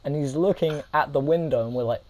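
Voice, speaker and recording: A young man casually telling a funny story to his viewers, animated and laughing, acting out what people said. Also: on the high side, fairly quick, dry recording, dull audio. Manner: animated, laughing, acts out quotes. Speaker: vlogger.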